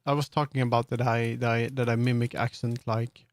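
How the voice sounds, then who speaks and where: A man's voice: medium pitch, level tone, fairly quick. A man with a Swedish accent, streaming and chatting casually as he builds in 3D, rambling with many fillers and restarts. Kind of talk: casual live-stream commentary while working in 3D.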